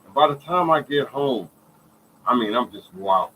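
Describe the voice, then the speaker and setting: A man telling his own story in a casual, animated way, repeating phrases and checking in with listeners. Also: mid-range voice, moderate pace, slight background noise, rough recording. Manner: animated storytelling, many repeated phrases, often asks "you hear me". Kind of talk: casual spoken testimony.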